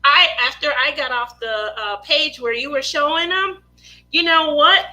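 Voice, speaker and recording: A woman, a mother of two, hosting a craft livestream and telling a family story in a lively, laughing way, often acting out other people's lines. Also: sits high, measured pace, rough recording. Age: adult mother of two.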